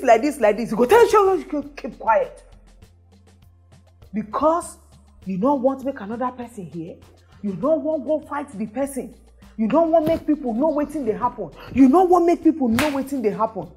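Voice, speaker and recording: A woman with a Nigerian Pidgin accent delivers a social commentary monologue in a high voice that swoops up and down. She is emphatic and exclamatory, firing off rhetorical questions, with faint music underneath. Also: a little mellow. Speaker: show host.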